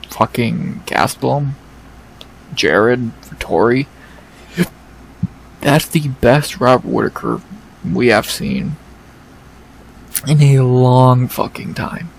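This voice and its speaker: A man hosting an MMA fight recap in a casual, excited way, swearing often and repeating himself. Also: medium pitch, vocal fry, low-quality recording.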